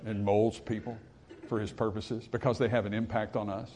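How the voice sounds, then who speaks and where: A man's voice: little pitch movement, normal speed, slight background noise. Earnest male preacher. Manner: earnest preaching, rising for emphasis, dropping low and quiet for reflection; reads scripture in old-style phrasing. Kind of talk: sermon.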